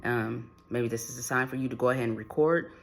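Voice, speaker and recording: A fast-speaking man with a gravelly, somewhat bright, medium-pitched voice and fairly even intonation gives viewers a channeled spiritual reading, with a little hiss or hum audible. He rambles repetitively, restarting often and using many fillers.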